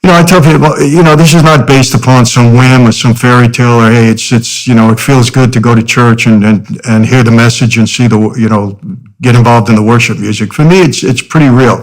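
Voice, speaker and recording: Middle-aged male guest, earnest conversational storyteller, average pitch. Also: steady tone, brisk, low-quality recording. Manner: earnest, frequent "you know" fillers. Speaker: podcast guest.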